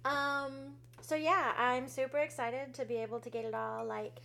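A woman hosting a podcast in a casual chat, bubbly, giggly and easily excited. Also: high voice, normal speed, vocal fry, slight background noise. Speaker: podcast host.

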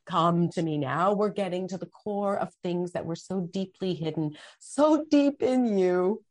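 A woman's voice: medium pitch, expressive, measured pace, warm tone, no room sound. A middle-aged woman speaking passionately as a guest on a faith interview, acting out her own prayers and quotes. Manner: impassioned, dramatic acted-out quotes.

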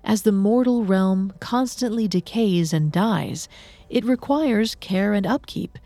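A woman narrating a myth in a measured, even storytelling manner. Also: mid-range voice, dry recording.

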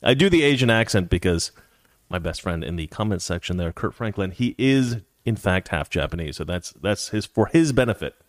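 A sarcastic male host rants through casual livestream commentary. His pitch swings up and down as he talks, and the sound is dry and close. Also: lively intonation, normal speed, no room sound. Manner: sarcastic, ranting.

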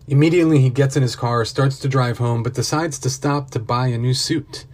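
A man's voice: medium pitch, steady tone, a little fast, a little mellow. A man narrating a motivational story earnestly, with building intensity.

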